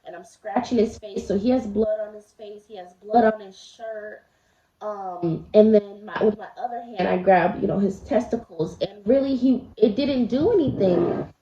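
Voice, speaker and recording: A woman vlogger with a medium-pitched voice talks at normal speed while eating, confiding a personal story directly to her viewers in a chatty way. A crowd can be heard in the background, and the home recording sounds roomy and slightly dull.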